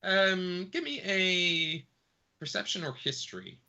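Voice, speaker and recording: A man's voice: high voice, sing-song, takes it slowly, vocal fry, sharp tone. A man, playfully narrating as game master of a tabletop game. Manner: playful, rambling, laughs often.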